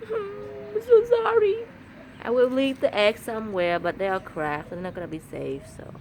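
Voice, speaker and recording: A woman's voice: lowish voice, lively intonation, a little fast, slight background noise. A woman vlogging outdoors in her yard on a handheld phone, chatting in simple broken English and apologizing again and again. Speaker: vlogger and mother. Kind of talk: casual vlog chat.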